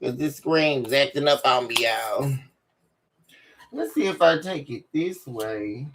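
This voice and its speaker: A woman hosting a live tarot stream on a webcam mic from home, excitable and laughing often as she chats casually with her viewers. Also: very deep voice, takes it slowly, slight background noise. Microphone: webcam microphone.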